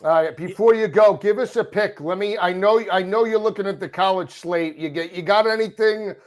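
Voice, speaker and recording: A man's voice: sits high, brisk. A man hosting a casual sports chat, upbeat and enthusiastic. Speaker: host.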